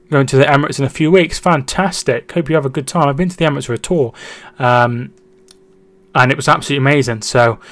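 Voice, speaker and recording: Recorded dry, a young man with a slightly high voice hosts a casual football stream. He reads the chat aloud, thanks viewers, and calls match updates, trailing off and restarting at times and shouting excitedly at goals.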